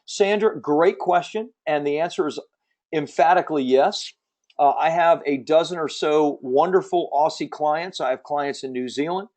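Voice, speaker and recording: A man hosting a live webinar, giving an emphatic, persuasive sales pitch and answering audience questions from the chat. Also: normal speed, darkish tone. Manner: emphatic, persuasive salesman, repeats key points. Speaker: webinar host selling publishing services.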